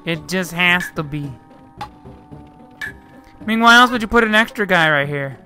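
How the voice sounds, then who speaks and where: Bright-voiced man chatting through a game. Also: sits high, animated, a little slow, soft background music. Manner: chatty, talks to the game characters, mild swearing. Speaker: gameplay commentator. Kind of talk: casual let's-play commentary.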